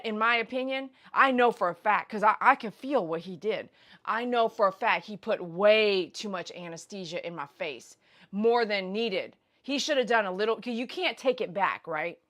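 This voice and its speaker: A woman hosting a casual livestream, telling a story in an animated, blunt, slangy way with loud bursts. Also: mid-range voice. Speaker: pet groomer host. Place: grooming shop.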